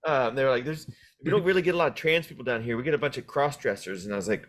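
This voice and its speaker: A woman's voice: a bass voice, rapid-fire. A woman hosting a casual podcast chat, a rambling, laughing storyteller. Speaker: podcast host.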